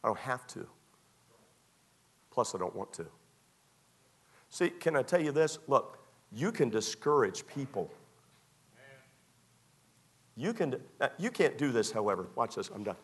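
A man preaching a sermon as pastor, emphatic and repetitive, often dropping to a quiet tone. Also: mid-range voice, sing-song, a little slow, long pauses, breathy edge.

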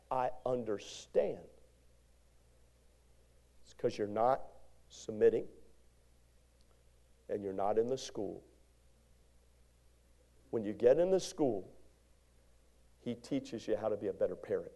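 A male pastor preaching a sermon in a church, animated, moving from shouts to hushed lines and calling out to the congregation. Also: lowish voice, slow pace, pauses often. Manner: call-and-response exhortation to congregation. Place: church sanctuary.

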